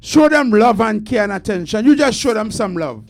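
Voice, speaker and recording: A man's voice: high-pitched, lively intonation, darkish tone, soft background music. A man with a Trinidadian accent hosting a casual discussion, speaking earnestly and laying out points one by one. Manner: earnest, measured, lists points deliberately.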